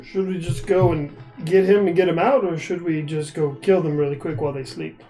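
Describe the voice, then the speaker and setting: A man's voice: on the high side, steady tone, brisk, warm tone, faint music behind, low-quality recording. A man playing a tabletop game, eagerly asking planning questions. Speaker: player. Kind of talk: casual tabletop play.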